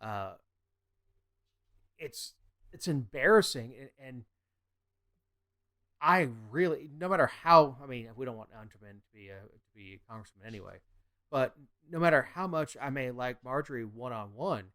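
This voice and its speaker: A man's voice: mid-range voice, expressive, normal speed, pauses often, fairly bright tone. A man co-hosting a political podcast, talking bluntly and opinionated in casual chat. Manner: blunt, opinionated, drops into mocking impressions. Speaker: podcast co-host.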